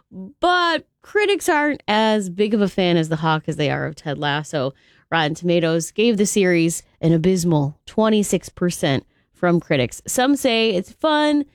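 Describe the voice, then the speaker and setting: A woman hosting a morning radio show, talking casually through contests and celebrity news. Her voice sits on the low side, and the studio sound is dry and close. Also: dry recording. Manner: chatty, reads promos and entertainment news. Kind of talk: upbeat radio chat.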